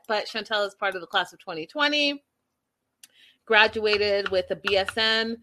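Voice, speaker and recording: A young woman chatting casually as she recaps a reality show, gossipy and animated, often laughing and talking straight to her viewers. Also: medium pitch, normal speed.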